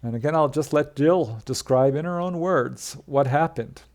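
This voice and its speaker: A man telling a witness's UFO encounter in a plain, conversational storytelling way, pausing with the odd filler. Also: on the high side, a little mellow. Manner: plain retelling with fillers, quoting witnesses in his own voice. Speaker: narrator of UFO encounter stories. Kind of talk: storytelling narration.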